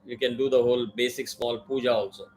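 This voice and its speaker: A man's voice: medium pitch, flat delivery, quick pace, a little mellow, faint music behind, poor audio. A man teaching a mantra in an online class, with careful pronunciation drills and many fillers. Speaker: Vedic chanting teacher.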